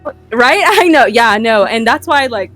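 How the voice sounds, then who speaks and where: A woman's voice: fairly high pitch, lively intonation, normal speed, music in the background. A young woman hosting a podcast, telling a story in casual chat with profane, laughing asides. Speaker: podcast host.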